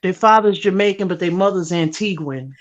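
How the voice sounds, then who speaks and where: An American woman chatting casually on a call, relaxed and telling a story about friends. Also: lowish voice, fairly quick, muffled recording, a crowd in the background. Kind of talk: casual group chat on a call.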